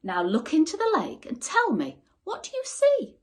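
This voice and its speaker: A woman voicing a clever, cheerful young boy with a bright, playful voice. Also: sits high, wildly swooping pitch, moderate pace, pitched above the performer's own voice.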